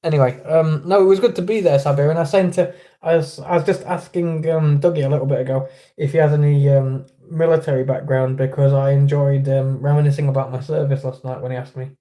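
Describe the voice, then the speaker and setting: Chatty English man, mellow voice. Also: fairly high pitch, fairly even intonation, brisk. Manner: friendly, chatty, greets viewers by name. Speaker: livestream host. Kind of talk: casual livestream chat.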